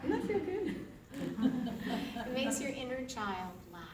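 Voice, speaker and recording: A woman's voice: high-pitched, sing-song, a little slow. A woman leading a laughter yoga class, playful, laughing often and chanting gibberish sounds. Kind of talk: live group demonstration. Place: large room with an audience. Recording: echoey room from far off, noisy.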